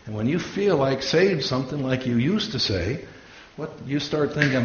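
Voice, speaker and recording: With hardly any pauses, a medium-pitched pastor speaks at a moderate pace and in an animated way through a story-filled sermon, acting out the voices he quotes. The recording is echoey and dull, lo-fi with faint hiss.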